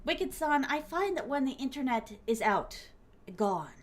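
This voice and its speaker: A woman's voice: high voice, big pitch swings, a little slow. A young adult woman from Florida, chatting playfully with viewers on a stream and laughing often. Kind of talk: casual chat with viewers.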